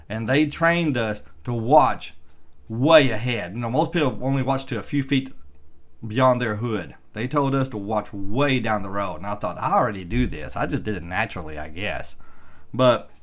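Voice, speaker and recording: A man's voice: medium pitch, fairly bright tone. Middle-aged guy rambling on his vlog, reading stuff out and tossing in sarcastic opinions. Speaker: EV vlogger. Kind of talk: casual commentary while reading an article aloud.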